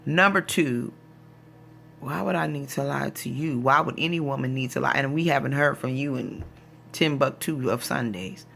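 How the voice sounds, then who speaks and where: Exasperated woman with a gravelly voice. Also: a bass voice, moderate pace, fairly bright tone, a little hiss or hum. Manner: exasperated, retells conversations in quoted voices. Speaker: vlogger. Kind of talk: casual storytelling rant.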